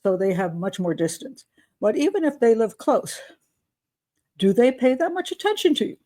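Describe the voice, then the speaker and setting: A woman's voice: a little high, sing-song, moderate pace, mellow. Chatty older woman giving advice. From United States. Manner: chatty, with asides and laughs. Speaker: advice show host. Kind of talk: casual advice monologue.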